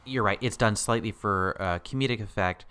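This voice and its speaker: A man co-hosting a podcast in casual chat, animated and laughing often, jumping high when he quotes himself. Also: moderate pace, clean tone. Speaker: podcast co-host.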